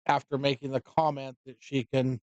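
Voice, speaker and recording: A man's voice: mid-range voice, level tone, normal speed, smooth, no room sound, lo-fi sound. Guy doing laid back pool commentary, dry jokes, close dry mic. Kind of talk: casual commentary.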